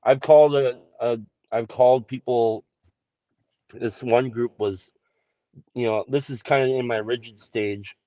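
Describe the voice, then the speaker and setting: A man's voice: mid-range voice, steady tone, unhurried, pauses often, warm tone, dry recording. Male, casual confessional storyteller, salty and frank, muffled dry call audio. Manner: blunt, profane, self-deprecating. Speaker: group call participant.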